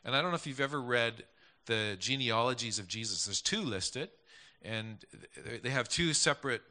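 A man's voice: medium pitch, normal speed, pushed and bright. A man preaching a conversational sermon, rambling with many restarts and asides. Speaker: pastor.

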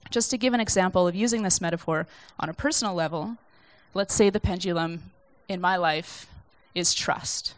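Brief: young woman, lowish voice, dry close sound, gentle conversational sermon read from notes. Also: normal speed, few pauses, no echo. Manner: conversational, self-deprecating, reflective. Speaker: speaker sharing a church message.

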